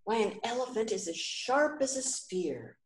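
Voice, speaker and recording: A woman's voice: on the high side, very animated, unhurried, echoey room, pitched above the performer's own voice. A woman voicing a blind man who states his view emphatically in a storybook reading. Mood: certain.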